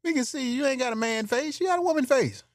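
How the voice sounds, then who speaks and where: A man's voice: very high voice, quick pace, no room sound, clean studio sound. A man hosting a podcast, delivering a brash, joking monologue in with lots of laughing asides. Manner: brash, joking, laughs at his own bits. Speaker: podcast host. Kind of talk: casual comedic monologue.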